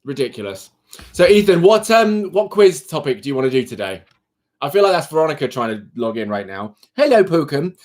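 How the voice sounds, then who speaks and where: A British man on a home live stream who talks in a loose, rambling and self-mocking way. His pitch sits a little high and jumps around a lot as he chats. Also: big pitch swings, fairly quick, a little mellow. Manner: chatty, rambling, self-deprecating. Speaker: livestream host. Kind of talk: casual live-stream chat. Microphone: computer mic.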